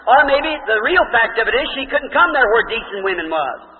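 A male preacher telling a Bible story in a folksy, conversational sermon and stopping to ask his listeners questions. His voice sits very high. The sound is thin and phone-like, with a long hall echo. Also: very animated, fairly quick.

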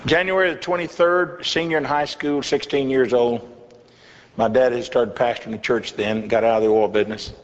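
A man's voice: mid-range voice, fairly even intonation, moderate pace. An older man, a pastor, telling a folksy testimony in a sermon with chuckling asides. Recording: echoey hall, slightly dull with faint hiss.

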